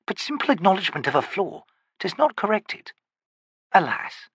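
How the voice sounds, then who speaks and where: A man's voice: high-pitched, big pitch swings, moderate pace, a bit bright, husky, no room sound, pitched above the performer's own voice, exaggerated voice. A man voicing a wary, wry male wizard for an audiobook, talking to himself in a sardonic way. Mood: uneasy.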